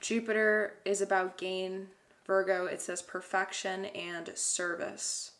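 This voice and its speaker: A woman's voice: mid-range voice, steady tone, slow, fairly bright tone. Gushing woman giving a tarot reading. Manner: gushing, emotional, addresses viewers as guys. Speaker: tarot card reader. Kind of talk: pick-a-card tarot reading.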